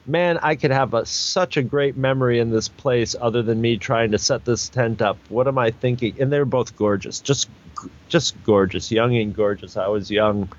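A storyteller guest spins a long, casual anecdote, rambling with many restarts and fillers and acting out other people's lines in raised voices. He has a mid-range voice at normal speed, and the recording's highs are cut off.

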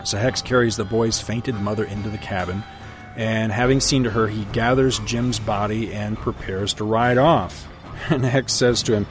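A middle-aged man retells a western comic panel by panel in a relaxed, chatty storytelling way, dropping his own asides. His voice sits lowish. Faint music plays behind. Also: normal speed. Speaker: comic book reviewer. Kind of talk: casual comic book recap.

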